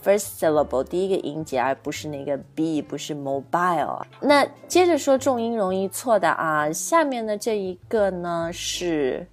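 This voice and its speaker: A woman's voice: fairly low pitch, expressive, moderate pace, hardly any pauses. Woman teaching pronunciation over faint music. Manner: explains patiently, checks in with "right?". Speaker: English pronunciation teacher, co-host. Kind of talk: bilingual podcast lesson.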